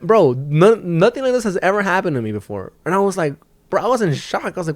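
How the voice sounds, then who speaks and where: A man's voice: high voice, fast, no room sound. Profane young man telling a rambling story. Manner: profane, rambling, animated when quoting people. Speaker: podcast host and stand-up comic. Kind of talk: casual storytelling monologue.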